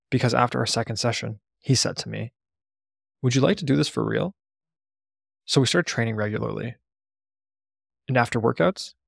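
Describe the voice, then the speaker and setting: A man's voice: mid-range voice, creaky, no room sound, clean studio sound. A man narrating a first-person memoir in a blunt, profane storytelling manner.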